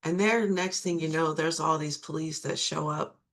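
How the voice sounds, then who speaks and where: Low-voiced woman telling her recovery story. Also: steady tone, normal speed, gravelly, fairly bright tone. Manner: earnest, repeats key phrases for emphasis. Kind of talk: personal recovery testimony.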